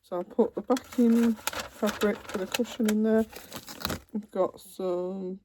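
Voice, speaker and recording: A woman's voice: medium pitch, steady tone, takes it slowly, background noise. A woman vlogging at home, chatting casually as she unpacks a cross-stitch kit, with trailing asides. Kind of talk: casual chat while unboxing. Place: home, seated in a computer chair.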